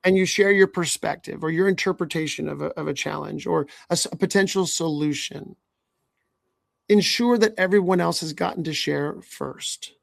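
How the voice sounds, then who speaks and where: A male leadership coach hosts a podcast in an earnest, advising way, often checking in with "right?". His voice sits a little high and has a gravelly edge, and the recording is dry. He talks the listener through workplace habits in a steady conversational flow. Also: moderate pace, no echo.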